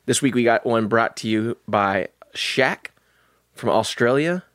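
A man's voice: medium pitch, unhurried, a bit bright, no room sound, studio quality. A man co-hosting a podcast in an upbeat, easygoing way. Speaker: podcast co-host. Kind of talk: casual podcast chat.

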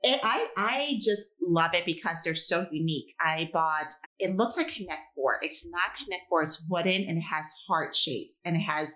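A woman's voice: lowish voice, expressive, normal speed, few pauses, bright, forceful tone. A woman with a New York accent co-hosting a casual podcast, talking with enthusiasm. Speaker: podcast co-host. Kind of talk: casual chat.

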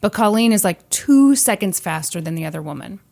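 A woman's voice: medium pitch, fairly quick, gravelly. A woman hosting a podcast, telling a creepy true story in casual chat and acting out the voices of the people in it. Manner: animated storyteller, acts out quoted voices. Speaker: podcast host.

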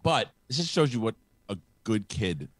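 A man's voice: fairly low pitch, big pitch swings, moderate pace, no room sound. A middle-aged man hosting a live show, telling a long personal story in a rambling way with many restarts and fillers. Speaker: host. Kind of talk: casual live show chat.

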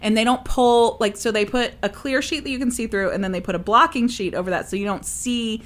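A young woman co-hosting a podcast, chatting casually and telling a personal story with lively acted-out quotes. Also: on the high side, brisk. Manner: animated storyteller, acts out quoted voices. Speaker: podcast co-host. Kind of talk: casual chat.

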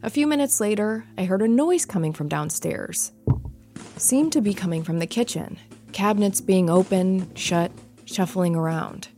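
A woman giving a measured, suspenseful first-person narration of a ghost story. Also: medium pitch, dark tone. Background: faint music.

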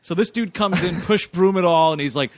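A man chatting casually about a bad movie, animated, acting out scenes in quoted voices and swearing freely. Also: high-pitched, fairly quick, a little hiss or hum. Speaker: podcast co-host. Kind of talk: casual chat reviewing a movie.

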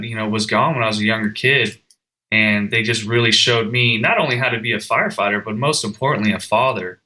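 A young man recounts his own story with feeling, stumbling and restarting as he goes. His voice is strikingly bright and forward, sitting at an ordinary pitch. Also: low-quality recording. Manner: earnest, emotional storytelling with restarts. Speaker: guest, firefighter. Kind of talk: personal story in a podcast conversation.

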